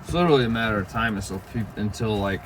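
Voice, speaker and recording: A man's voice: on the low side, lively intonation, fast talker, slight background noise, low-quality recording. A man vlogging in a casual chat, rambling with lots of fillers and the odd swear word.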